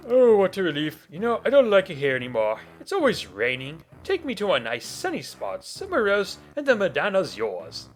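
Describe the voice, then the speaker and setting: A man doing a prissy high-pitched game character. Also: huge pitch swings, moderate pace, hardly any pauses, soft background music. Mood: pleading. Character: fussy high-voiced male game character.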